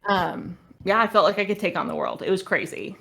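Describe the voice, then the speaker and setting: A woman co-hosting a livestreamed podcast, bubbly and quick to laugh, easily flustered. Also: mid-range voice, gravelly, fairly bright tone. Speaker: podcast co-host. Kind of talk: casual livestream chat.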